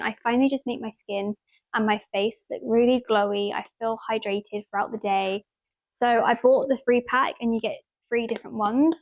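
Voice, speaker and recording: Young woman, bubbly chatty vlogger, fairly high voice. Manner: bubbly, gushing, lots of "like". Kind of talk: casual chatty vlog.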